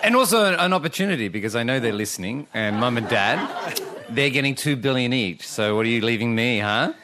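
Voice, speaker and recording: A man's voice: medium pitch, animated, brisk, noisy background. A man co-hosting a radio chat, telling a funny family story with laughter and self-mockery. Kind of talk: casual chat.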